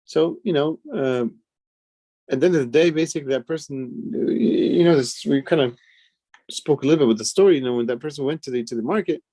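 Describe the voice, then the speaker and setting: A man gives a casual scripture lesson as a sheikh. His voice sits a little high but sounds warm and soft. He keeps the delivery loose, with filler words and quick bits of quoted dialogue. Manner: loose and conversational, full of "you know" and "like". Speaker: sheikh teaching Quran commentary.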